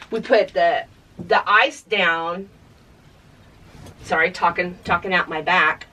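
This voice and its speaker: A woman hosting a casual crafting tutorial, chatty and excitable as she shows off her results. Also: medium pitch, slow, long pauses, slight background noise. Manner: chatty, excitable, talks to herself while showing results. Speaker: craft video host.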